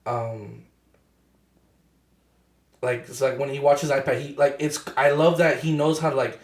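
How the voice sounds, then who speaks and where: A young man talking in casual chat as a podcast co-host, halting and full of fillers and restarts. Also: mid-range voice, fairly even intonation, echoey room.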